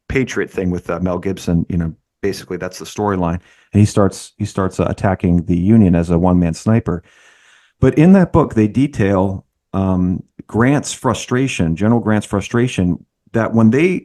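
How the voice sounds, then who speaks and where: A man talking on a panel in a rambling, halting way, with many restarts. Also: lowish voice, mellow. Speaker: podcast panelist. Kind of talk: casual round-table discussion.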